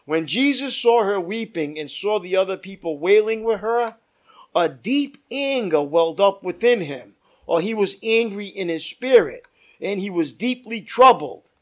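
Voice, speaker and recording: A man leading a Bible study as pastor, reading scripture aloud with emphatic rises and dropping to quiet asides. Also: high-pitched, animated, a little slow.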